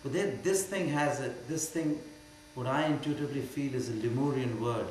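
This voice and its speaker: An older man from India with an Indian accent, a spiritual teacher answering questions in an emphatic way that moves from quiet to loud. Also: mid-range voice, normal speed. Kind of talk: spiritual Q&A talk. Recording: very echoey hall with faint hum.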